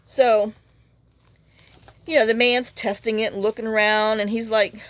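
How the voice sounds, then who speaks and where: A woman's voice: fairly high pitch, little pitch movement, measured pace, a bit bright, no room sound. A woman, chatting frankly and rambling through a story as a crafting vlogger at her home craft table. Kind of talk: casual storytelling chat while crafting.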